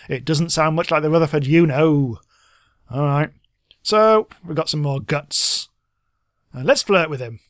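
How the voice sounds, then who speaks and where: A man's voice: fairly high pitch, normal speed, no room sound, studio quality. A man giving casual, chatty gameplay commentary, reading game text aloud and laughing often. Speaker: let's play host.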